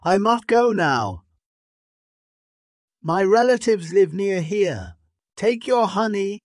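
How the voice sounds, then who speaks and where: A sly little female monkey who fibs her way out of trouble, pitched up high, as a man puts her on. She sounds falsely innocent and pleading, in a slow storybook telling. The recording is dry and close. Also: lively intonation, a little mellow, no echo. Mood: worried. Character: sly female monkey, quick-talking and fibbing.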